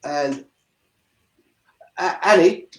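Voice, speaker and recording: Guy on a video call rambling through his old gig stories, slightly high voice, keeps wandering off and circling back. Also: very slow, rough recording. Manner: chatty, digressive storyteller. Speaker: street performer guest. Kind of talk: casual video-call interview.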